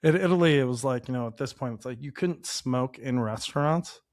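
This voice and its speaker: A man's voice: mid-range voice, brisk. A man telling a story in a casual co-host chat, voice set in the middle of the range. He rambles, piles on filler words and jumps into quoted voices with bursts of energy. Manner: animated, rambling, heavy use of "like". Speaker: podcast co-host, chef.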